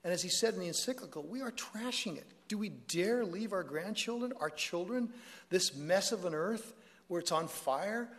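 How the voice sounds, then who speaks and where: Speaking at a moderate pace, this man has a high, expressive voice with a fairly bright tone. He addresses an audience in a lecture hall in a chatty style full of joking asides and self-corrections, and the big hall gives the audio a long reverb.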